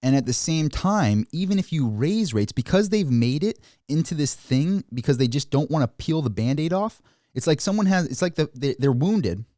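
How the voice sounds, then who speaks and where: A man giving casual stock market commentary, animated and mocking officials in high put-on voices. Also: no room sound, studio quality. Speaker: finance commentator.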